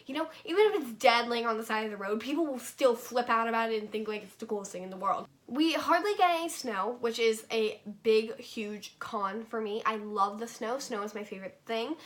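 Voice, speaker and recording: A woman's voice: a little high, expressive, fairly quick, hardly any pauses, fairly bright tone. Chatty young woman vlogger, rambling. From North Carolina, USA. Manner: chatty, rambling, filler-heavy with frequent likes and okays. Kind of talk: casual vlog monologue.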